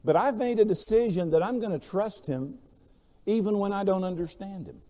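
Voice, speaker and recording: A man preaching a sermon, telling stories and swinging between quiet, low passages and loud, emphatic lines. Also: normal speed, in a large hall. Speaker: pastor.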